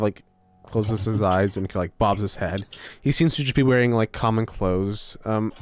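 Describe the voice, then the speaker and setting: A man running a tabletop game as game master, describing scenes loosely with many fillers. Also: lowish voice. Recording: hissy recording.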